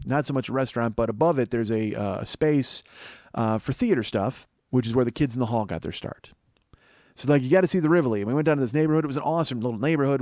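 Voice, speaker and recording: A man hosting a podcast, telling a long story in a casual, profane way and acting out what others said. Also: dry recording. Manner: animated, profane, acts out quotes in a higher voice. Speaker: podcast host.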